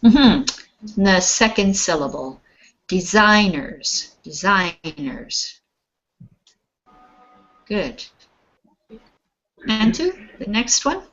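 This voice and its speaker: A woman runs an online English lesson at an unhurried pace, modelling each word with patient, careful stress. Her voice carries the dull, lo-fi sound of call audio. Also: mid-range voice, big pitch swings. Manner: patient, models words slowly and clearly. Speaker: English teacher.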